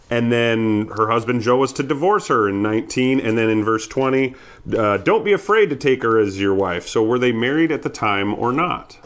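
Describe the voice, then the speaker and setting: A man co-hosting a church live stream, chatting playfully and reading out viewer questions. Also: medium pitch. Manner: playful, laughs often, reads out viewer questions. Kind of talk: casual chat.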